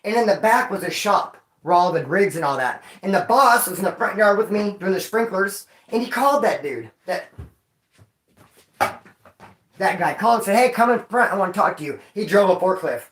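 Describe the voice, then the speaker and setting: Profane, animated man in an echoey room. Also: sits high, normal speed. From Bakersfield, California. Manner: profane, animated street slang, bursts of yelling. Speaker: vlogger. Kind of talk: casual storytelling to a live chat.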